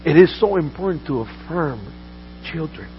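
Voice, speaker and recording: A man's voice: on the high side, expressive, moderate pace, lo-fi sound, slight background noise. A man preaching a sermon as a pastor, earnest, often repeating words and restarting his sentences.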